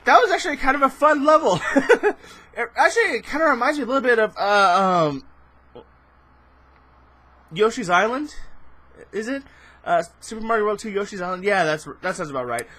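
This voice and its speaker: A young man doing let's play commentary, excitable and laughing, shouting in bursts. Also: high voice, normal speed, pauses often. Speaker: gaming channel host.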